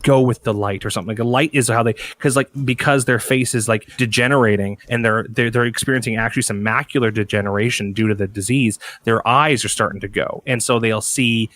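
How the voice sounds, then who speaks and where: A man's voice: mid-range voice, fairly even intonation, a little fast, hardly any pauses, a bit bright. Rambling man brainstorming a story. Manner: rambling, full of "you know" and restarts. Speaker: podcast co-host. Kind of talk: casual brainstorming chat.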